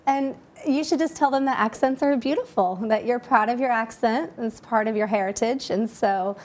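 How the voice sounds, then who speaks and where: A woman who works as an accent coach, giving measured, explanatory interview answers that often start with "um". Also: on the high side, darkish tone.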